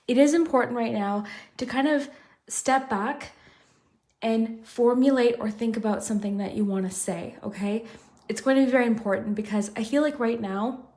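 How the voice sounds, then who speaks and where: A woman's voice: fairly high pitch, a little mellow. A woman doing a pick-a-card tarot reading, chatty and reflective, often saying "I feel like". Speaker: tarot reader.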